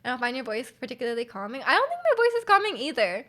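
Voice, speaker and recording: A woman chatting on a live stream in a voice sitting a little on the high side. She talks loudly and energetically, piling up fillers and reading chat aloud. Her volume rises and drops at random. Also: very fast. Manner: loud and energetic, volume jumps around.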